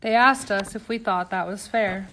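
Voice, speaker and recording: A woman's voice: mid-range voice, normal speed, fairly bright tone, slight background noise, natural voice. A woman reading aloud and voicing a young man who is a first-year law student, hesitant and unsure of himself.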